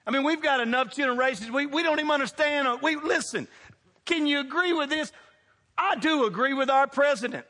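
A male pastor, preaching a sermon in a church and calling out to the congregation with big swings in pitch and loudness. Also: a little fast. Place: church sanctuary. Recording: long hall reverb.

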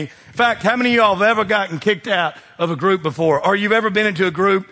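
Talking fast with few pauses, a fifty-something pastor preaches with a high, husky voice and a folksy, emphatic style. His delivery moves from quiet asides to ringing proclamations.

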